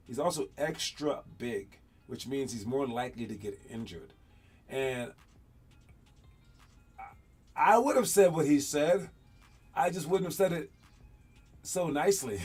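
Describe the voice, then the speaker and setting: A man hosting a basketball show, talking casually over game clips and coaching young players in an animated, rambling way with frequent laughs. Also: fairly high pitch, husky.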